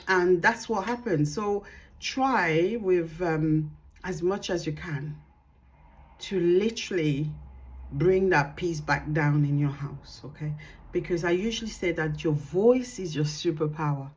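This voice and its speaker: A woman working as a parenting consultant, giving calm, earnest advice to the camera and acting out bits of dialogue as she goes. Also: fairly low pitch, measured pace.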